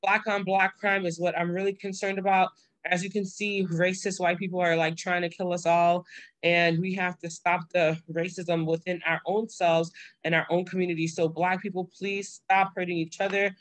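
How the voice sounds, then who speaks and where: A woman's voice: fairly low pitch, flat delivery, moderate pace, no echo. A young woman hosting her own livestream show, talking casually and earnestly to viewers, pleading and then overjoyed. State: pregnant. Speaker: show host.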